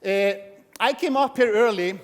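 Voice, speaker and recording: Lively man on stage in an echoing hall. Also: high voice, measured pace. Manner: energetic, joking, asks the audience questions. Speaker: motivational speaker. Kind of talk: motivational talk on stage. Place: event hall. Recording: long hall reverb.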